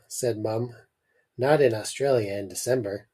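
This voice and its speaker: A man hosting a podcast, reading a short story aloud with expressive delivery and jokey asides. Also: mid-range voice, a little slow.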